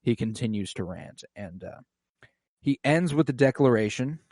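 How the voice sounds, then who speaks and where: A man on a podcast recaps a TV episode in loose, casual chat. He swears often and throws himself into playing out the characters' lines. His voice is mid-pitched and sits close and dry to the mic. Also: lively intonation, normal speed, a little mellow, no room sound. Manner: swearing, acts out lines from scenes. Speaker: podcast co-host.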